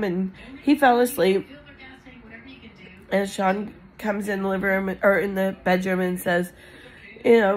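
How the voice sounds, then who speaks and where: A woman's voice: medium pitch, darkish tone, low-quality recording. A woman vlogger telling a personal story in a rambling, emotional way with many fillers. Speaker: crafting channel vlogger.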